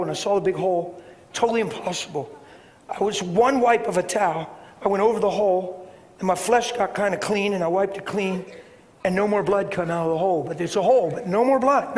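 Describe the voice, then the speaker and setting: A male preacher with a high, animated voice tells a personal story within his sermon, swinging from loud bursts to hushed tones. The recording comes from a reverberant hall with faint background hiss.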